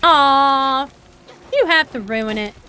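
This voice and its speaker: This VTuber, a young woman with an Appalachian accent, speaks in a high, expressive, sharp-toned voice at a slow pace. She chats loosely and wanders between topics while streaming a game, laughing a lot.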